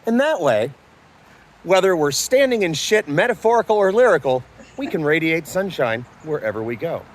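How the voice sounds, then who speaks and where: A woman's voice: on the low side, sing-song, moderate pace, slight background noise. A woman delivering a scripted comedic monologue in a mock-official, announcer-like manner over a video call. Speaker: comedian presenting a character bit.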